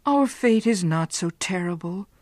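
A woman reader voicing an anguished young man, speaking in an intense, hushed way. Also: on the low side, lively intonation, measured pace, no echo. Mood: tender.

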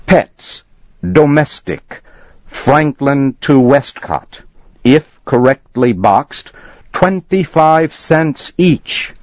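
A man voicing a furious, indignant gentleman customer who shouts and sputters. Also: mid-range voice, expressive, extremely slow, no echo, voice pushed up. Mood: outraged. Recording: dull lo-fi recording.

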